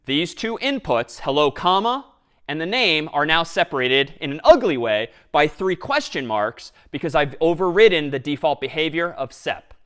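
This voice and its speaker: Male lecturer, fairly high voice, walks through live code step by step with lively energy. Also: normal speed, clean tone. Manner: explains step by step, lively and engaged. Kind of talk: university lecture with live coding.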